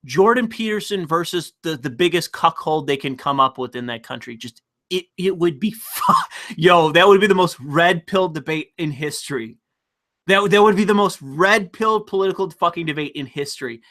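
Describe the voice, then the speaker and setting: A man hosting a livestream, ranting profanely and excitably while reading chat donations aloud. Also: fairly high pitch, normal speed. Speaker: livestream host. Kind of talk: casual livestream rant.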